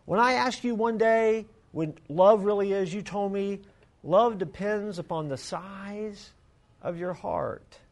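A man voicing an earnest young girl in a sermon story, speaking in a soft, tender, raised voice. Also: sits high, takes it slowly, pitched above the performer's own voice. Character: earnest young girl who found her puppy.

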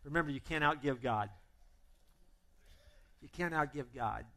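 A man's voice: medium pitch, unhurried. A man preaching a sermon as pastor, humorous and emphatic, acting out both sides of imagined conversations. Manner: animated and emphatic.

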